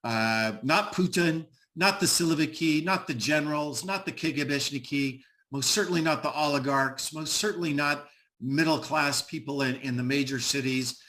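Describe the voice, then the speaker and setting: A man's voice: a little high, normal speed, sharp tone. A middle-aged American man speaking emphatically on an online panel, with frequent "uh" fillers and repeated words. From United States.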